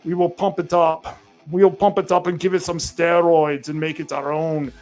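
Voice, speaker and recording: A man's voice: on the high side, flat delivery, normal speed, darkish tone, faint music behind. A male podcast host with a rural American accent, talking casually to listeners in a rambling way full of fillers and restarts.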